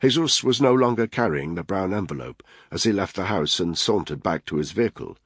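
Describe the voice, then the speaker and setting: A male audiobook narrator reading a thriller in a steady, grave manner. His voice sits very low with a husky edge. The recording is dry and close to the mic. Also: brisk, no echo.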